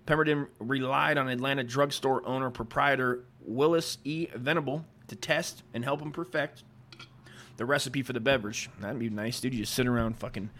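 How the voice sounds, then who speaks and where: A man's voice: mid-range voice, creaky, pushed and bright, a little hiss or hum. Profane, rambling man hosting a history podcast. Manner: profane, rambling, stumbles over written words. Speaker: podcast host. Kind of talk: casual history commentary, reading aloud with asides.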